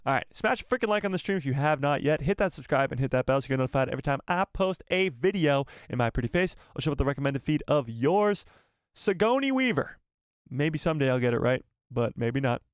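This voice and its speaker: A man's voice: medium pitch, fast, hardly any pauses, clear, resonant tone, no echo, clean studio sound. A man hosting a casual live stream, upbeat and rambling, often repeating himself as he chats to viewers. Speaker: YouTube live stream host.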